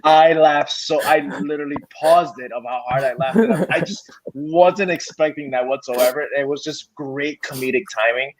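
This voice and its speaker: A man's voice: fairly high pitch, moderate pace, few pauses, crowd noise. A man co-hosting a movie podcast, telling stories casually and animatedly, swearing freely. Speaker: podcast co-host. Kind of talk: casual chat. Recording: slightly dull lo-fi audio.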